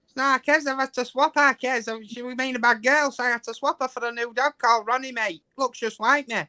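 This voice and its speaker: A woman's voice: high voice, fairly even intonation, fairly quick, bright, forceful tone. A woman on a livestream call, bantering in a brash, teasing way and swearing freely. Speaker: caller on a livestream. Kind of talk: casual banter.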